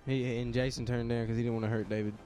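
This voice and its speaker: A man's voice: mid-range voice, little pitch movement, fast, dark tone, smooth. A man, teasing and wisecracking in a casual chat with friends about a movie.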